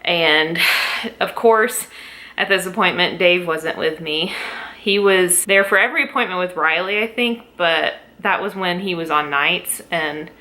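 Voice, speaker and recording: A woman's voice: fairly low pitch, measured pace, pushed and bright. A young adult woman telling a pregnancy story at home in a casual vlog, emotional and close to tears, laughing between lines. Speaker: vlogger.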